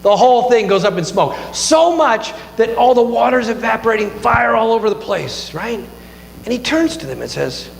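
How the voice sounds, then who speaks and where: A man preaching a sermon, retelling a Bible story with lively asides and questions to the room. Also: high-pitched, fairly quick, gravelly. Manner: animated storytelling with asides like "right?". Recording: echoey hall with faint mains hum.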